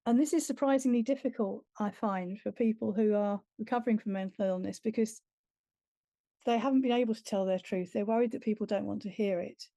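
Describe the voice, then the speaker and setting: Earnest woman talking at a writing workshop, warm low-key tone, dry sound. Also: fairly quick, no room sound. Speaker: writer and creative writing teacher. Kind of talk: workshop talk.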